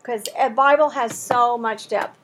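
Woman leading bible study, high breathy voice, jumps all over the place. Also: unhurried. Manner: lively, acts out the haggling in quoted voices. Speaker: Bible teacher. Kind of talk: animated Bible study teaching.

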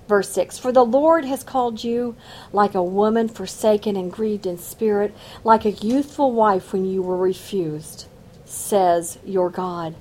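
A woman's voice: medium pitch, a little slow, mellow, a little hiss or hum. A woman teaching a Bible study, reading scripture aloud and adding emphatic, folksy commentary.

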